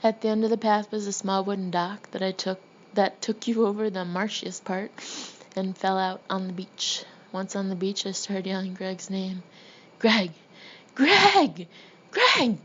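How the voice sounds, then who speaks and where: A woman's voice: medium pitch, little pitch movement, moderate pace, darkish tone. A woman reading her own funny memoir aloud, often breaking into laughter as she goes. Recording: slightly dull lo-fi recording with faint background hiss.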